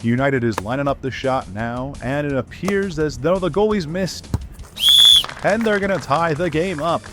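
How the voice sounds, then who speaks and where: A man giving a deadpan parody sports commentary in a mock-formal tone. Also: fairly high pitch, moderate pace, over loud music, voice pushed down, close to an everyday voice.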